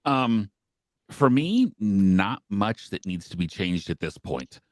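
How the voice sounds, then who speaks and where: A man co-hosting a podcast, talking casually with hesitant pauses and fillers. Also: lowish voice, very animated, no echo. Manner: hesitant, many ums. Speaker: podcast co-host. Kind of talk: casual discussion.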